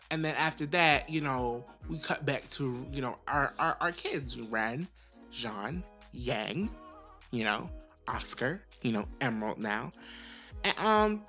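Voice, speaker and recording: A woman's voice: low-pitched, animated, slow, a bit bright, soft background music. A young woman casually reviewing an episode, chatty and profane, with many fillers and repeats. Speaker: video reviewer. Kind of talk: casual recap and commentary.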